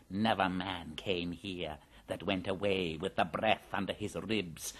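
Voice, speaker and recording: A man voicing an ancient, evil male white cobra in an audiobook, slow and lisping with a menacing, gloating manner. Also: mid-range voice, fairly bright tone, pitched above the performer's own voice. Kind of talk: audiobook character voice.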